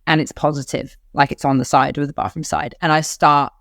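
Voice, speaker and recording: A woman in her thirties with an Australian accent, telling a personal story on a podcast in candid, animated chat and acting out the voices of others. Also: low-pitched, fairly quick, gravelly, no echo, clean studio sound. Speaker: podcast co-host.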